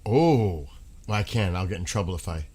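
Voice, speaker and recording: A man's voice: low voice, animated, normal speed, a little mellow. A man hosting a live stream, chatting casually with viewers, laughing often and breaking into bits of song. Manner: laughing, rambling, breaks into sung snippets. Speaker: livestream host.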